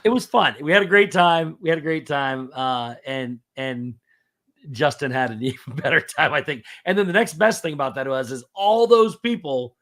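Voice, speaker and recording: A man from Indiana hosting a casual chat, telling stories in an animated way and chuckling often. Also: a little high, moderate pace. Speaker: podcast host.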